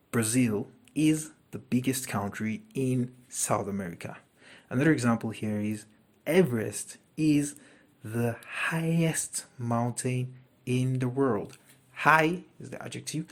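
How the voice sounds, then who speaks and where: A man teaching a grammar lesson. He talks deliberately and repeats each example sentence twice. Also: mid-range voice.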